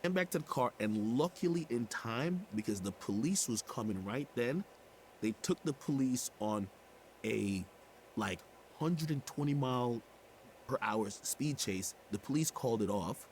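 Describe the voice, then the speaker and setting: A man of middle pitch telling a story as a podcast guest. He gets animated and indignant, his voice climbing as he complains. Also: unhurried, slight background noise. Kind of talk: casual chat.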